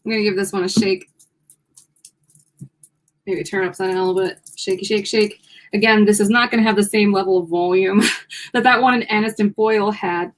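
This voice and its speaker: A woman's voice: medium pitch, fairly even intonation, a little fast, pauses often. A woman co-hosting a casual livestream, chatting upbeat and giggly while she models and describes wigs. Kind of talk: casual livestream product demo.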